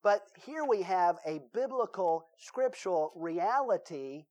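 Preaching a sermon laced with anecdotes, a Southern US man tells folksy stories and performs the voices of their characters. He speaks at a measured pace in an expressive, high-pitched voice with a darkish tone, and the highs are cut off.

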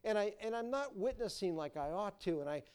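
A man's voice: sits high, animated, a little fast, a little mellow, clean tone. A man preaching a sermon as pastor, folksy and storytelling. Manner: folksy, storytelling, repeats words.

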